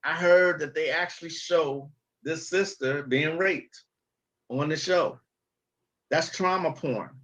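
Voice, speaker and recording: A man's voice: on the high side, slow, long pauses, fairly bright tone. A man speaking bluntly and emphatically in a casual vlog clip.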